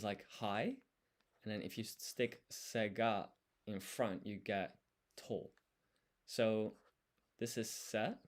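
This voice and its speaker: A man with a fairly low voice talks through his studying on a casual livestream. He thinks aloud as he writes and explains each step as he goes. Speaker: language learner.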